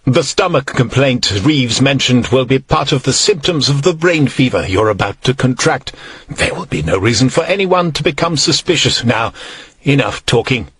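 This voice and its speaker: A husky-voiced man voicing a cold, scheming male doctor who mocks his captives, in an audiobook. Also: medium pitch, animated, moderate pace, fairly bright tone, no room sound. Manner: mocking, coldly superior.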